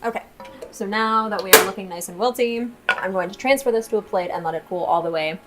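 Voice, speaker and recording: A woman's voice: medium pitch, fairly quick, music in the background. Playful giggly woman hosting a cooking video. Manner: playful, self-mocking, giggly. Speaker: cooking show host. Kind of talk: casual cooking tutorial. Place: home kitchen.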